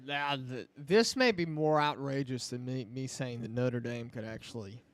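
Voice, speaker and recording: A man co-hosting casual college football talk, animated and quick to jump in. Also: mid-range voice, no room sound, clean studio sound.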